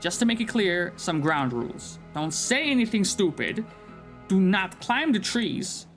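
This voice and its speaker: A man voicing a brash, hurried male goblin runner who talks down to the player in a bossy, mocking way. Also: high voice, very animated, a bit bright, faint music behind, heavily acted.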